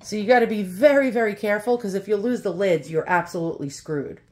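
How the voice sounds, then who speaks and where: A woman from Brooklyn, New York, speaks fast in a slightly mellow, mid-range voice with a New York accent. She gives a casual, blunt product review, chatty and full of ums and uhs.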